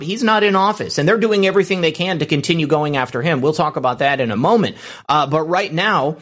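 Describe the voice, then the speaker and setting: A man's voice: a little high, fairly bright tone. Emphatic man hosting political commentary. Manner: emphatic, repeats "okay" and "all right". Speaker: political show host.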